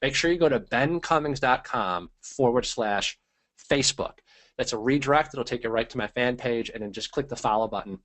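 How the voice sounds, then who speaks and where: A man hosting a live online training webinar talks a little fast in a medium pitch. He sounds hyped-up and energetic, saying hello to viewers by name and peppering his talk with fillers.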